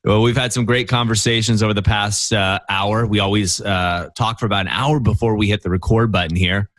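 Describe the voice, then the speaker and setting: Man, podcast host, low voice, dry close sound, emphatic storyteller. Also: steady tone, a little fast, a bit bright, dry recording. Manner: emphatic storytelling, frequent "you know" and "right?". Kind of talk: conversational coaching talk.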